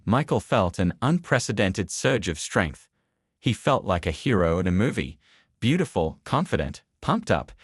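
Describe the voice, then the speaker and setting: A male narrator reading a story aloud in a low, husky voice. His pitch moves in lively swings from phrase to phrase, and the sound is close and dry. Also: no echo.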